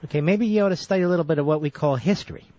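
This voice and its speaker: A male talk radio host with a high voice who lectures and keeps interrupting. The sound is dull and lo-fi, and the booth is dry and close. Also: very fast, dark tone, no echo. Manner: lecturing, insistent, cuts the caller off. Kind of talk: combative call-in radio debate.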